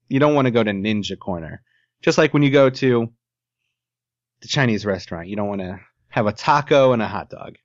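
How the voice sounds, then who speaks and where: A man co-hosts a podcast in loose, rambling chat, cracking jokes and swearing now and then. His voice sits at an everyday pitch. The recording is dry and a little dull, with a lo-fi sound. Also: no room sound. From Ohio, US. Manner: rambling, jokey, swears casually. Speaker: podcast co-host. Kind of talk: casual chat.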